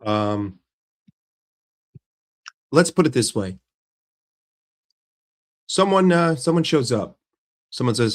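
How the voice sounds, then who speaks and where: A man's voice: mid-range voice, animated, slow pace, long pauses. A man ranting as a football fan vlogger, blunt and sarcastic, with swearing and repeated phrases. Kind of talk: casual fan rant to camera.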